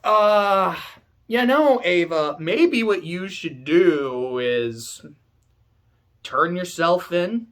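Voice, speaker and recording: A man's voice: high-pitched, animated, very slow, fairly bright tone, exaggerated voice. A man voicing a selfish, scheming woman who wheedles and swears offhandedly as she talks others round. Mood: persuasive.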